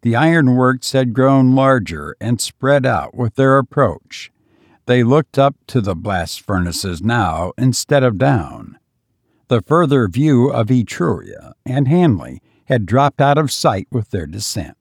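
A man giving measured, deliberate scripted audiobook narration on a close studio mic. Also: mid-range voice, very animated, slightly rough, no echo.

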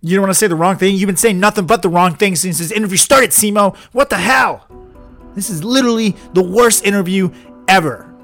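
A man hosting a comedy podcast, scolding and exasperated, with sudden shrill outbursts. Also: brisk, fairly bright tone, soft background music. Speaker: podcast host. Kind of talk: mock interview comedy.

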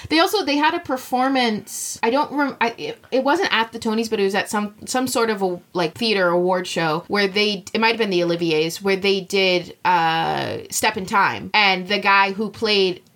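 A woman's voice: medium pitch, moderate pace, hardly any pauses, fairly bright tone. A young woman chatting casually on a podcast, giggly and full of fillers. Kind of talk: casual chat.

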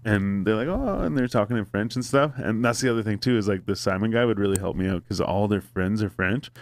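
A man's voice: fairly low pitch, steady tone, quick pace, dry recording. A man telling a long story in casual chat, rambling and profane with many fillers. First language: English.

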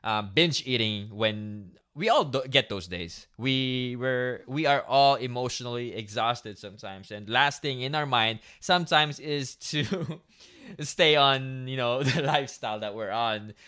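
A man with a bright, forceful tone hosts a podcast interview. He affirms what his guest says, laughs easily and stumbles into restarts as he frames his questions. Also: medium pitch, unhurried, clean tone. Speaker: podcast host.

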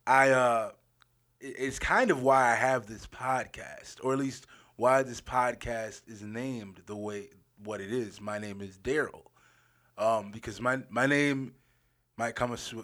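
A man's voice: mid-range voice, a bit bright. A young man hosting his own podcast, telling a story in a casual, rambling way, repeating phrases and laughing often. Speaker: podcast host.

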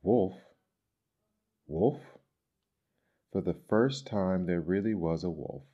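A man reading children's stories aloud in a gentle, measured, expressive way. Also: low voice. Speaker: storyteller. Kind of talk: storybook reading. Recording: dull lo-fi recording.

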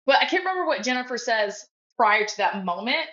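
A woman's voice: fairly high pitch, very animated, a little fast, fairly bright tone, dull audio. A woman guest co-hosting a casual podcast chat, swearing freely and acting out film lines in put-on voices. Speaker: guest co-host.

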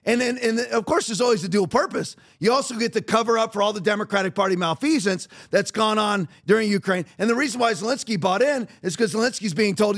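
A man with a strikingly high voice rants through his podcast. His tone is heated and sarcastic, and he circles back to the same phrases again and again. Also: fast talker, few pauses, a bit bright. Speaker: podcast host. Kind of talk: ranting political commentary.

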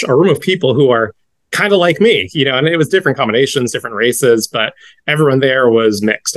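A man in his thirties from the northeastern United States, a guest in a conversational interview, speaking in a reflective, measured way with many soft fillers. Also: on the low side, no room sound.

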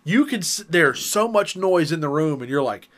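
A man tells a story on a casual podcast, his voice leaping between high and low as he acts out each person in it. He laughs often and keeps the chat loose and lively. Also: moderate pace.

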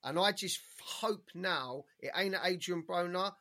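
A man co-hosting a boxing podcast, talking in an animated, rambling way and swearing often. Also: high-pitched, a little slow. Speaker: podcast co-host. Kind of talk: casual boxing chat.

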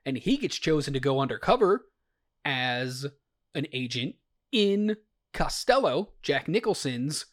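A man hosting a podcast, walking his co-host through a movie's plot and teasing her gently. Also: a little high. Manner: leading, teasing, explains plot. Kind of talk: casual movie review chat.

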